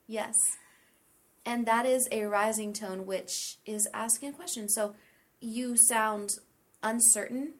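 A woman teaching English pronunciation in a relaxed chat, explaining with lots of examples. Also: on the high side, slow. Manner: explains with many examples and light laughter.

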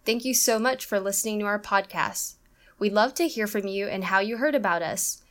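A woman co-hosting an English-learning podcast, reading a scripted lesson and slowing down to model each sound. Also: mid-range voice, fairly bright tone. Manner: careful, explanatory, slows down on example sounds. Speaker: podcast co-host, English teacher.

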